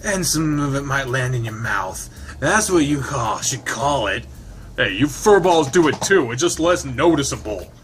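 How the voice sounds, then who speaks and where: Crude male lizard, as a man puts him on, gruff, swearing, teasing, a bit higher than a plain voice. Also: lively intonation, normal speed, fairly bright tone, slight background noise, natural voice. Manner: foul-mouthed, teasing.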